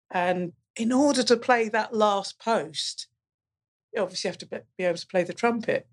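Husky-voiced woman telling classroom stories. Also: a little high. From England. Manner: animated storytelling, acting out pupils' replies. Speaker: guest, college curriculum manager and teacher. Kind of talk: casual podcast conversation.

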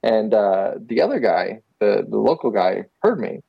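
A man's voice: on the low side, moderate pace, creaky, breathy edge, no echo, dull audio. A man from Texas, a guest photographer, telling a story in casual chat with lots of fillers and laughs. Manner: animated, laughing, many fillers.

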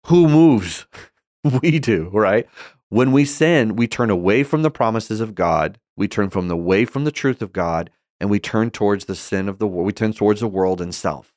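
A man's voice: low-pitched, no echo, studio quality. A man giving an earnest, conversational Bible teaching that grows more emphatic and impassioned. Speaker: Christian teacher.

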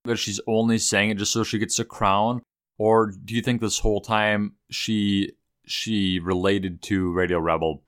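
A man's voice: fairly low pitch, flat delivery, a little slow, fairly bright tone, clear, resonant tone, dry recording, studio quality. A man co-hosting a podcast in casual movie chat, hesitant and stammering as he thinks aloud. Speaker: podcast co-host.

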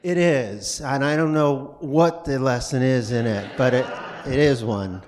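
A man from New York City, a stage actor appearing as a guest on a live podcast, speaking in a halting, self-deprecating way and often trailing off. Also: medium pitch, a little mellow.

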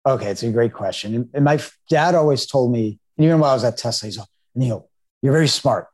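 A man's voice: medium pitch, quick pace, a little mellow. A middle-aged American man, a startup founder, giving earnest storytelling answers in an interview. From United States.

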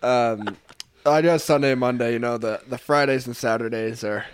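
A man's voice: medium pitch, normal speed, clear, resonant tone, dry recording. A young man, a hockey player guest, chatting casually on a podcast and laughing often as he tells stories. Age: young adult. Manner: animated, laughs often while talking.

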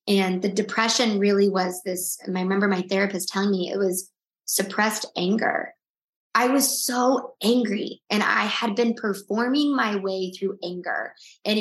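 A woman speaks as an interview guest, telling a personal story with earnest openness and many restarts. Her voice sits mid-pitched and rings slightly in a roomy space. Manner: earnest, tearful at times, frequent restarts.

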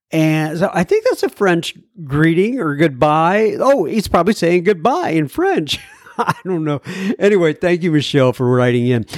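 A man's voice: fairly high pitch, no room sound, studio quality. A man hosting a recovery podcast, casually reading listener mail aloud with rambling asides, fillers and little self-deprecating jokes. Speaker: podcast host.

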